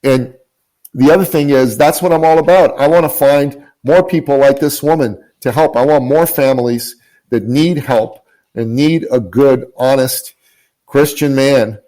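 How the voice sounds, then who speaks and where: Telling a story as a guest on a podcast interview, this Canada-based business coach is earnest and emphatic and repeats phrases. His mid-range voice sounds mellow, and the audio quality is poor.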